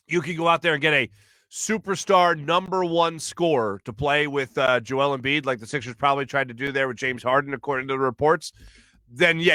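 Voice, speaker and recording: A man hosting a sports talk show, hoarse from losing his voice, giving an emphatic opinion monologue and clearing his throat now and then. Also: fairly high pitch, bright, forceful tone, no room sound. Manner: emphatic, repeats phrases for stress, clears throat often.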